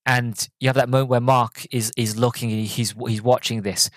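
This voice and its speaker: A man's voice: mid-range voice, little pitch movement, normal speed, no room sound. A man hosting a solo podcast and reviewing a movie in a rambling, self-correcting way. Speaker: podcast host.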